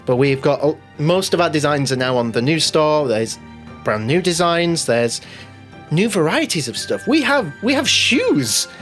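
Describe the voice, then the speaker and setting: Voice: mid-range voice, lively intonation, moderate pace. A game master and show host giving rambling, self-mocking announcements before a tabletop stream, swearing playfully. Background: faint background music.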